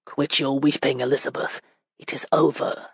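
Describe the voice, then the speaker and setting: A woman voicing a gruff, hot-tempered medieval knight, low and subdued in tone. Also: fairly even intonation, normal speed, a little mellow, dry recording. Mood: gentled.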